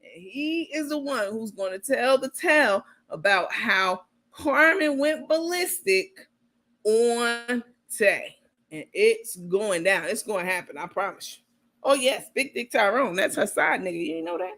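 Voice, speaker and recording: A woman hosting casual comedic commentary, animated, playful and profane. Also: mid-range voice, normal speed. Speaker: host.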